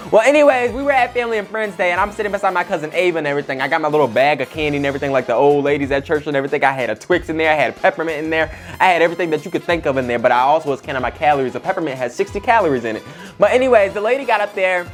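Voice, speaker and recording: A man's voice: on the high side, animated, rapid-fire. Young guy hosting his own talk show, rambling gossip with tons of filler, faint music behind. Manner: chatty, rambling, lots of fillers. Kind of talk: casual gossip storytelling.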